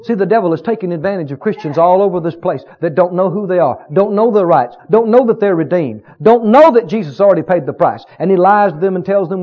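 A man preaching a fervent sermon, repeating short phrases and building to shouts before dropping low. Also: animated, normal speed, dull audio.

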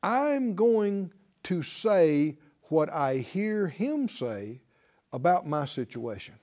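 Male preacher, slightly higher voice, unhurried emphatic sermon delivery. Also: big pitch swings. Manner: slow, emphatic preaching with sudden loud stresses.

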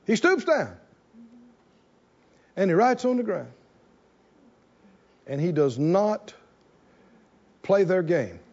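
Animated preacher man, lively high voice. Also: slow pace, pauses often, lo-fi sound. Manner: animated, repeating phrases for emphasis. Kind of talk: sermon. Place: church in front of a congregation.

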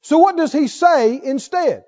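A man preaching a sermon, emphatic, swinging from loud exhortation to hushed intensity. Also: very high-pitched, animated, a little slow. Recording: dull lo-fi sermon recording.

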